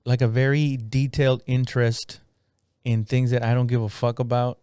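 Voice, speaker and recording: A man's voice: medium pitch, little pitch movement, normal speed, warm tone, clear, resonant tone, no echo, studio quality. A man hosting a comedy podcast, teasing his guest in crude, joking banter. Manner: teasing, crude, laughs a lot. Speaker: podcast host.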